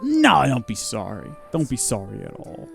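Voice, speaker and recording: A man's voice: mid-range voice, huge pitch swings, normal speed, gravelly, soft background music. Goofy, chatty man streaming a game. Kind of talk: live game commentary.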